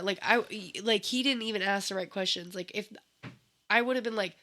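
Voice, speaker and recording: A woman's voice: mid-range voice, moderate pace, bright, forceful tone. A woman casually chatting about a film she watched, with many likes and you-knows. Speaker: movie reviewer. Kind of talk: casual chat.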